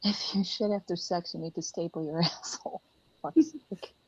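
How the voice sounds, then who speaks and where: A woman's voice: lowish voice, steady tone, normal speed, husky, no echo, lo-fi sound. A woman co-hosting a casual chat, teasing and giggly. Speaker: co-host.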